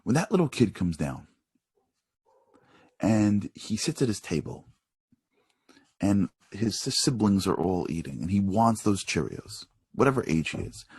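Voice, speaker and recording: A man preaching a sermon in an animated, conversational storytelling manner. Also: sits low, normal speed, slightly rough, no room sound.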